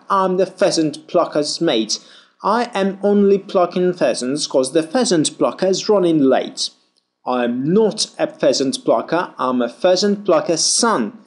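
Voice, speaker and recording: A man reads pronunciation drills slowly and carefully, giving every sound its full shape. His fairly high voice rises and falls a great deal as he works through each line. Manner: slow, deliberate, over-articulated reading. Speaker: pronunciation teacher. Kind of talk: reading pronunciation drills aloud.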